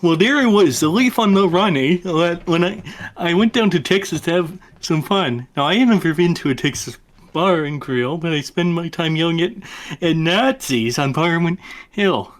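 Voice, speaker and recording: A man's voice: a little high, expressive, moderate pace, close to an everyday voice. A man reading a comic ballad as a hapless man, tacking on "eh" in a sing-song way. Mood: storytelling.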